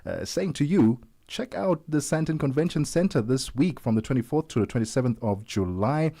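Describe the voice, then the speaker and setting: A man's voice: mid-range voice, lively intonation, normal speed, creaky, warm tone. A man hosting a drive-time radio show in an upbeat, chatty way. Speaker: radio host.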